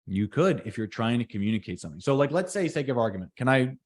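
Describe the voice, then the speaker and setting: Podcast co-host, male electrician, middle pitch; calm and deliberate, weighs each phrase. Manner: deliberate, reflective, speaks slowly on purpose. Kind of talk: casual podcast chat.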